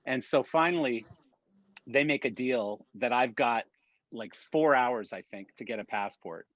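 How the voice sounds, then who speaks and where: A man tells an animated, rambling story at a middling pitch, restarting his sentences often. He is on a video call, and the audio is dull and dry. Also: unhurried, dry recording. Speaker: production industry guest. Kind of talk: casual storytelling.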